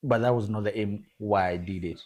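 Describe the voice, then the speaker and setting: Here a man from Kenya, appearing as a guest photographer in a casual interview, emphatically repeats words and calls his listener "bro." He speaks a little fast in a low-ish, darkish voice.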